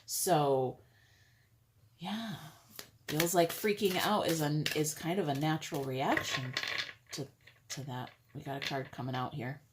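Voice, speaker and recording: A woman's voice: low-pitched, a little slow, pauses often, very noisy. A woman giving a casual tarot reading to her viewers, chatty and blunt, with some swearing. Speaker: tarot reader.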